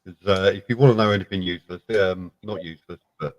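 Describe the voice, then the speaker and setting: Lowish voiced guy, dead dry sound, blunt and sweary on a live stream chat. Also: steady tone, fast talker, dry recording, muffled recording. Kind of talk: casual live chat with friends.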